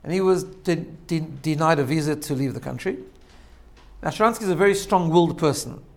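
Man, religious teacher, informal sermon, storytelling, a bit high-pitched. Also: brisk, gravelly. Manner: storytelling, checks in with "right?", laughs at own jokes.

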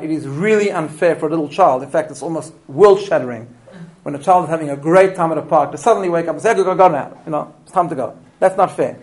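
A middle-aged man with a slightly raised voice teaches a room full of parents. He tells stories with lively swings of energy, often restarts his sentences, and keeps checking in with his listeners through quick questions. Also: a little high, rough recording. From immigrant to Australia. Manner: animated storytelling with restarts and rhetorical questions. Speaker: parenting lecturer. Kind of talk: live parenting talk to an audience.

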